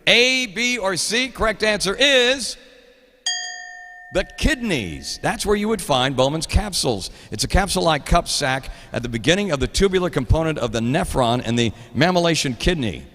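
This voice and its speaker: A man's voice: a little high, expressive, normal speed, fairly bright tone, long reverb tail. A middle-aged man with an Oklahoma accent, hosting a live show in casual chat, laughing often as he reads out trivia.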